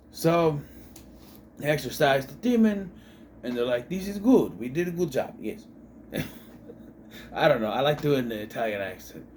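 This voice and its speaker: A man's voice: mid-range voice, a little hiss or hum. A man giving a rambling, joking movie review with lots of fillers and self-corrections. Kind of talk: casual film review vlog.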